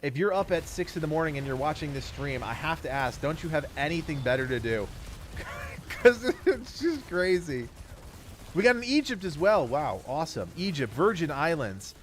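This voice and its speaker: Man, upbeat streamer, reads viewer names in quick lists, slightly high voice. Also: sing-song, a bit bright, a little hiss or hum. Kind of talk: casual live-stream chat while gaming.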